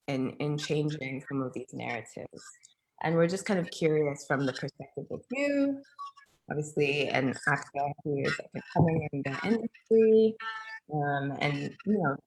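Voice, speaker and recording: A young woman hosting an online talk over a video call, speaking in a friendly way with many pauses. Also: low-pitched, low-quality recording. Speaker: host.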